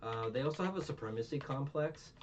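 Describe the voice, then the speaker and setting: A man's voice: mid-range voice, lively intonation, a little fast. A young man hosting a casual review podcast, rambling, swearing and retelling scenes. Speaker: podcast host. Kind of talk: casual anime review chat. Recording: distant muffled mic, faint hum.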